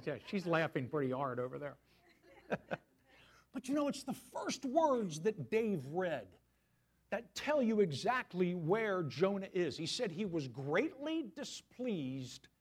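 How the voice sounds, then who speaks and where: A man's voice: high voice, slightly rough. A male pastor preaching a sermon in a conversational way, often asking his listeners questions.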